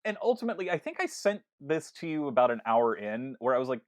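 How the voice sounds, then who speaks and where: A man co-hosting a casual film podcast, talking in an animated way with lots of stammered restarts and acted-out quotes. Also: mid-range voice, fast, dry recording. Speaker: podcast co-host.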